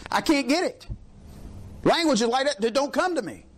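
A man's voice: sits high, lively intonation, brisk, a little hiss or hum. A middle-aged man preaching a sermon in an emphatic, rhetorical call-and-response manner.

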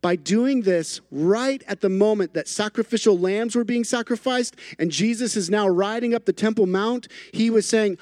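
A man's voice: high-pitched, moderate pace, few pauses, a little mellow, no room sound, clean studio sound. A man preaching a sermon as a pastor, emphatic and building through repeated phrases, with playful asides.

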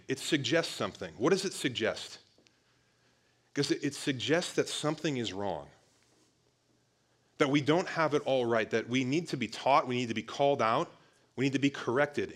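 Casual man preaching a sermon. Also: mid-range voice. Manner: conversational, repeatedly addresses listeners as "guys" with frequent restarts.

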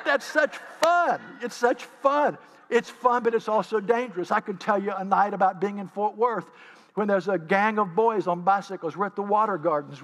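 A man preaching a sermon, telling stories and acting out the scenes with lively animation. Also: high-pitched, big-room sound. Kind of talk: sermon storytelling.

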